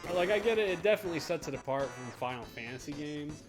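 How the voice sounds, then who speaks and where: Joking co-host with lively pitch. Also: fast talker, over music. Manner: joking, laughing often, slangy. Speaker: co-host of a game playthrough. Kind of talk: casual game commentary.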